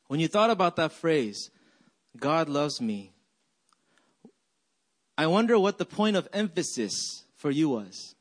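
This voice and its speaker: A man preaching a sermon, leading his congregation in a group exercise and then praying softly. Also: a little high, very animated, slow, pauses often. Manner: leads the congregation in call-and-response, then prays softly. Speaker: pastor. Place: church hall.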